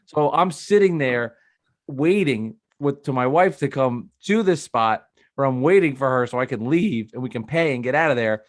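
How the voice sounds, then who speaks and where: A man's voice: mid-range voice, moderate pace, dry recording, clean studio sound. A male podcast co-host in casual chat. He tells stories with energy and slips into other people's voices for their lines. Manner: animated storytelling, acts out dialogue.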